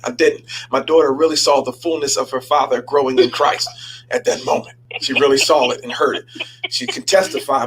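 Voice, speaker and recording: A man, a pastor hosting a show, telling a story in a lively sermon style, repeating himself and stumbling over words as he goes. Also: mid-range voice, brisk, a little hiss or hum, poor audio. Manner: animated, repeats himself and stammers.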